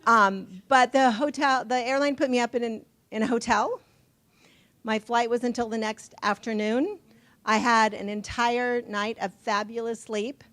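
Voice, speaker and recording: A woman telling a lively personal anecdote at a recovery workshop, into a passed handheld mic. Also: on the high side, unhurried. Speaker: events committee member sharing. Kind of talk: personal storytelling at a recovery meeting.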